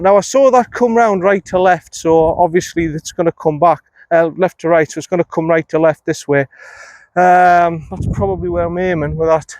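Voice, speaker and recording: A man's voice: on the high side, darkish tone, dry recording. A man giving running commentary while playing alone on an outdoor golf course, talking to himself and criticizing his own shots, recorded on a phone camera. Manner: self-critical, talks to himself. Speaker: golf vlogger.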